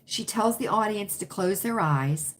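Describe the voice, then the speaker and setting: Slow-talking, emphatic woman livestream host. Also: mid-range voice, expressive. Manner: emphatic, repetitive, opinionated. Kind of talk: casual livestream chat, reading viewer comments.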